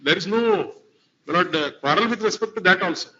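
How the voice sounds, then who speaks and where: High, bright-voiced Indian advocate. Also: male voice, animated, fairly quick. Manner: formal, addresses the bench as my lord throughout. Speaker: advocate arguing before a court. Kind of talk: courtroom legal argument. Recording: lo-fi courtroom livestream audio.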